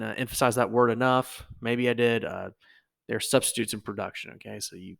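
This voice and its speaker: A man teaching economics, talking through exam answers in a halting way, with many fillers and "okay?" checks. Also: mid-range voice, vocal fry, a bit bright. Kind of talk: recorded lecture walkthrough.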